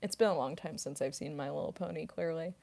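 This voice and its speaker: A young adult woman chatting through a livestream Q&A, answering questions off the cuff. Her voice sits a little low for a woman, and she meanders through sentences with frequent fillers and bursts of giggling. The tone stays relaxed and casual. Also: fast, creaky. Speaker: voice actress and streamer.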